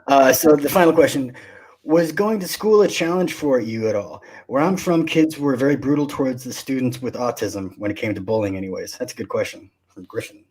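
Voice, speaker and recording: A man's voice: mid-range voice, fairly quick, a little mellow, slightly rough, poor audio. A man co-hosting a podcast, teasing and joking in casual chat. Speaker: podcast co-host.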